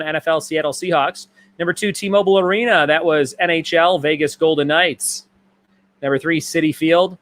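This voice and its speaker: A man's voice: on the high side, fairly bright tone. Upbeat man hosting a trivia stream. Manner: reads answers and questions in repeated lists. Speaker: trivia host.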